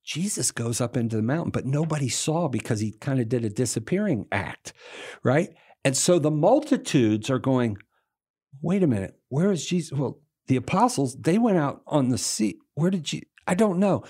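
A man walks through a scripture passage like he's chatting with a friend, tossing in slangy jokes as he goes. He jumps into quoted voices with real energy, then drops back to his easygoing teaching tone. His voice sits at an ordinary middle pitch. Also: normal speed, slightly rough. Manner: animated, acts out the crowd and Jesus in quoted voices; playful, slangy asides. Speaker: Bible teacher on a broadcast. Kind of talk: casual Bible teaching.

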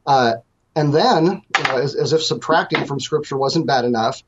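A man's voice: medium pitch, moderate pace, lo-fi sound, noisy background. A man speaking as a guest theologian on a call-in show, thoughtful and hesitant, with many restarts.

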